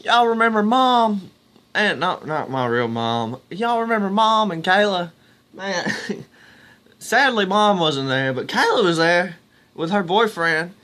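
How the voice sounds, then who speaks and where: A man's voice: high voice, lively intonation, measured pace, pushed and bright. A young man, casually telling rambling stories to his viewers. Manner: rambling, restarts, talks to viewers as "y'all". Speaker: vlogger. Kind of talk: casual storytelling to camera.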